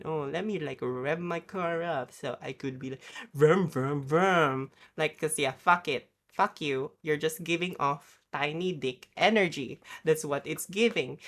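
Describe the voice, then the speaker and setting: A woman's voice: sits low, a bit bright. A woman streamer ranting in casual chat, sweary and rambling, apologizing as she goes.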